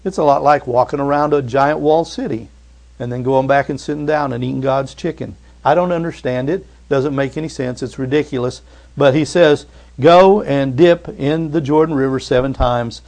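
Male pastor, sermon, casual storytelling, mid-pitched voice, sudden loud emphatic peaks. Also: moderate pace, vocal fry. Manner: conversational preaching that rises to emphatic bursts.

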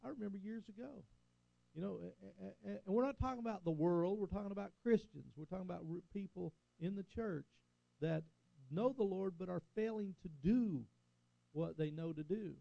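Older man, pastor, sermon, gravelly, dull lo-fi recording. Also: high-pitched, normal speed, dark tone, no room sound. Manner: preaching, rising and falling emphasis, call-and-response "Amen?".

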